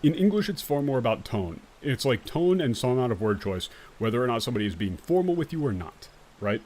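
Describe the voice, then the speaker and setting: A man delivers let's-play commentary in an emphatic, explanatory way, peppering it with profanity. His voice sits at a typical middle pitch for a man. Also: sing-song, fast talker, a little mellow. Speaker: game streamer.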